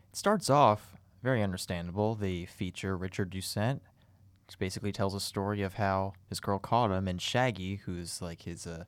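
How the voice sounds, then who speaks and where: A man's voice: lowish voice, dry recording. A man hosting a show, giving casual, loose commentary on songs.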